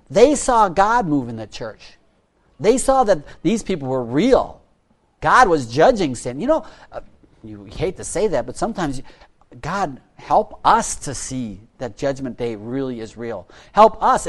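A man delivers a sermon as pastor, his pitch rising and falling in wide, animated swings. He pleads earnestly and fires off rhetorical questions, repeating key words. He sometimes sinks to a near-hush before building back up.

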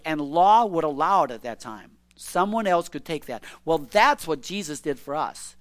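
A male preacher teaching from scripture in a sermon. His voice sits high and swings widely in pitch as he reads verses and then explains them conversationally. He keeps asking rhetorical questions along the way. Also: very animated, normal speed, a bit bright.

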